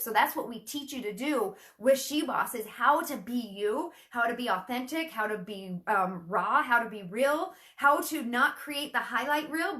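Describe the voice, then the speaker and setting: In a slightly high, somewhat bright voice, a woman leads a casual, talkative training session for her network marketing team. She demonstrates sample messages by putting on a perkier delivery.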